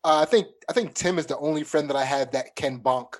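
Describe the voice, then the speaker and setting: A man's voice: fairly high pitch, brisk. A man in casual chat, rambling through a story with many fillers.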